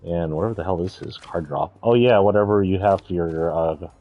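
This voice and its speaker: A man's voice: deep voice, brisk, dull audio, faint music behind. A man giving casual, rambling gameplay commentary, thinking aloud and correcting himself as he goes. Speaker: streamer.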